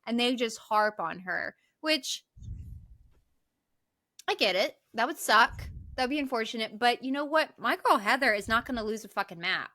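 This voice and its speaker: Bright, lively woman co-host. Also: fairly high pitch, normal speed. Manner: animated, profane retelling. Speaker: podcast co-host. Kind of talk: casual movie recap chat.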